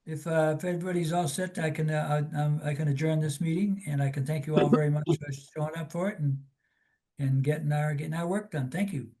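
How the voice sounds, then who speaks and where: Higher-voiced man chairing a meeting. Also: fairly even intonation, a little fast, mellow. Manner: affable, brief agreements. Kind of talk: casual meeting talk. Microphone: video call.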